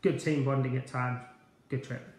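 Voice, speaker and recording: A man's voice: medium pitch, little pitch movement, moderate pace, a little mellow, roomy sound. A man hosting a live online quiz night, chatty and upbeat as he greets viewers by name. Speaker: quiz host, former player.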